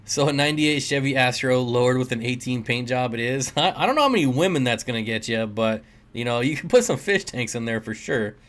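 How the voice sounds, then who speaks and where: A man's voice: medium pitch, expressive, fairly quick, few pauses, a bit bright. A man hosting a casual livestream, reading chat comments aloud and joking with viewers, often laughing. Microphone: desk mic.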